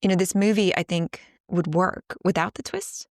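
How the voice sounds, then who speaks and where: A woman co-hosts a casual podcast in a gravelly, slightly low voice. She breaks down a film with eager, analytical enthusiasm and frequent laughter. Her voice is close and dry, with no room sound. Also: fairly even intonation, moderate pace, dry recording. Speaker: podcast co-host. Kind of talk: casual movie discussion.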